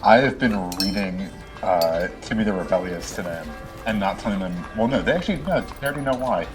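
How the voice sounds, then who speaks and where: A man with a very low voice playing a tabletop game. He speaks haltingly, with plenty of "uh"s, while music plays clearly behind him. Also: lively intonation. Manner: halting, filler-filled. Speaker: player. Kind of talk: casual tabletop role-play.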